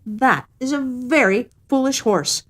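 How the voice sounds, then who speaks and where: Lady reading, doing a squeaky sly storybook cat, coaxing and sing-song. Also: a little slow, fairly bright tone. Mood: scornful. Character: sly proud male wild cat.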